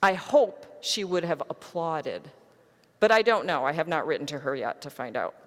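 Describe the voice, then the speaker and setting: A woman pastor delivering a sermon, telling a story to her congregation in a measured way. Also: low voice, long reverb tail.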